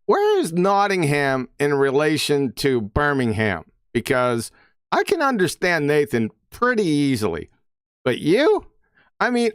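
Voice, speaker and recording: A man's voice: on the high side, fairly bright tone, no echo, clean studio sound. A man chatting casually on a podcast, curious and asking questions, laughing often. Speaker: podcast co-host. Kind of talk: casual chat.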